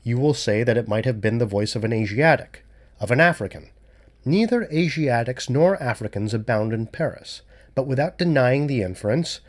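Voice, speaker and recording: A cool-headed male detective walks through his deductions in a measured, lecturing manner, read by a man in an audiobook. His delivery rises and falls with lively, expressive pitch. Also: lightly acted. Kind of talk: audiobook reading.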